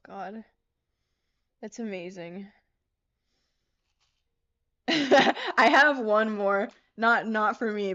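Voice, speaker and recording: A young woman hosts a casual livestream while working on a craft, giggling often, swearing freely and reading viewer comments aloud. Her voice is medium-pitched with a fairly bright tone, though the audio sounds dull.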